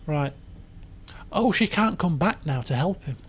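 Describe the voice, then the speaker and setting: A game streamer chats his way through a video game in casual let's-play commentary, thinking aloud and making self-mocking jokes. His voice is a little high with lively intonation, his pace a little slow, and there is a faint hiss or hum.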